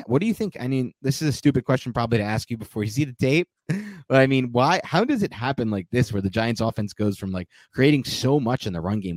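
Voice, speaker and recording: A man co-hosting a casual sports podcast, quick and analytical, asking pointed questions. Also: fairly low pitch, no echo. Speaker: podcast co-host.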